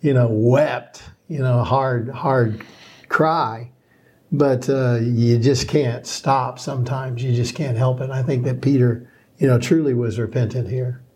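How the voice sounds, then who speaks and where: Man, mellow warm voice, earnest, reflective, bible discussion. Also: medium pitch, fairly even intonation, measured pace. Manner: earnest, reflective, many fillers. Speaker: Bible study co-host.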